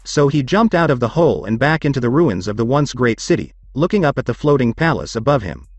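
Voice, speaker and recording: Lively male story narrator. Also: medium pitch, a little fast, dry recording. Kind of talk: scripted narration.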